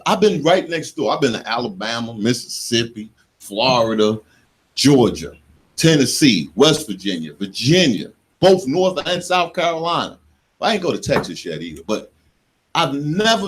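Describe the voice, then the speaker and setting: A man in his forties, from the United States, hosting a radio show in a studio and telling stories in an animated, joking way, laughing at himself. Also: a little high. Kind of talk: casual radio talk.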